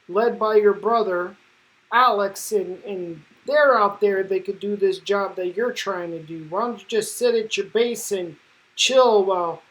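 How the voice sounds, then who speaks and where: A woman's voice: medium pitch, a bit bright, poor audio. A woman voicing a pompous, indignant male government official with a huffy, outraged manner.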